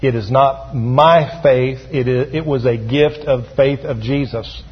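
With a mid-range, slightly rough voice and a steady tone, a pastor preaches a little slowly, drawing responses from the congregation. The sanctuary recording sounds dull, with long hall reverb.

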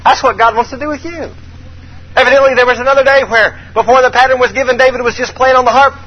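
A male preacher giving a sermon with animated call and response and dramatic scripture reading, on a dull recording. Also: very high voice, fast, breathy edge.

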